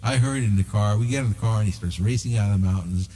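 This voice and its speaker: Husky low-voiced man telling a story. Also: rapid-fire, big-room sound. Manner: animated, acts out quoted dialogue. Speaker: show host. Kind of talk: storytelling conversation.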